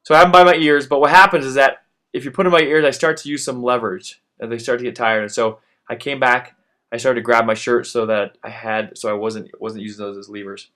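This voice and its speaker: A fitness instructor in his thirties coaches a workout over his own footage, his medium-pitched voice bright, forceful and quick with fairly even intonation. He urges the listener on and pants breathlessly after the exercises.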